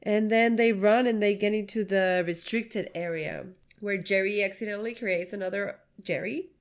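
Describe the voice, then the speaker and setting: A woman co-hosting a podcast, retelling cartoon scenes with animated storytelling and casual swearing. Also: medium pitch. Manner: animated storytelling, swears, quick agreeing fillers. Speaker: podcast co-host. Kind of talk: casual chat reviewing a cartoon episode.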